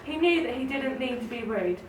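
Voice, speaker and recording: Woman storyteller, high voice, roomy echo, distant mic, faint background hum. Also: lively intonation, a little fast. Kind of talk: children's story reading.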